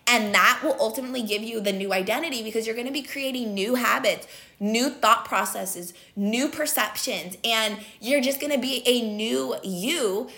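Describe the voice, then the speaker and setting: A woman's voice: medium pitch, a bit bright. A young woman talking earnestly about personal growth, emphatic and casual, with lots of fillers. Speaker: motivational speaker. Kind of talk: casual motivational talk.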